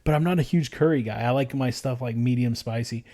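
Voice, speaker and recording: This podcast co-host has a medium-pitched, dark-toned voice and talks fairly quickly. In casual chat, he tells stories loosely and ramblingly, with many fillers and restarts.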